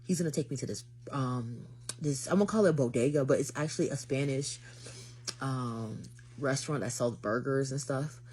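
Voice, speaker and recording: A young woman vlogger retelling a dating story to the camera, dramatic and lively, acting out what everyone said. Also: a bass voice, moderate pace, breathy edge.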